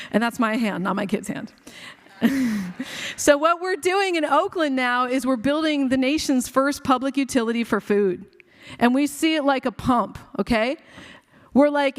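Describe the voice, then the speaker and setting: Passionate woman speaking in a reverberant hall. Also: fairly high pitch. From India. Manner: passionate, quick, conversational with many fillers. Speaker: keynote speaker, physician. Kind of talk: conference keynote talk. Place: large conference hall.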